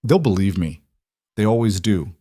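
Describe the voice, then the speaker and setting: A man's voice: on the low side, expressive, moderate pace, dark tone, no echo, studio quality. A man voicing a cold, controlling aristocratic matriarch with an icy, commanding manner.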